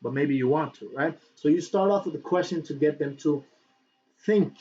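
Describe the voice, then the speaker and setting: A man's voice: a little high, normal speed, soft background music. A man teaching affiliate marketing in a casual on-camera tutorial, chatty and repetitive, asking "right?" again and again. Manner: animated, reaching around for books while talking. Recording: dull lo-fi sound with faint background noise.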